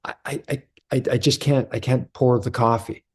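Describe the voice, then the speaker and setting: A man's voice: mid-range voice, steady tone, normal speed, a little mellow, husky, close to an everyday voice. A man playing a flustered, stammering man who can't pour his own coffee. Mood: hesitant.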